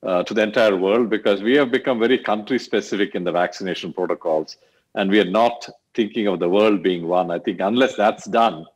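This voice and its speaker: A man's voice: fairly low pitch, fairly quick, husky, poor audio. A man moderating an online panel, speaking earnestly with frequent hesitations. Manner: earnest, with many fillers.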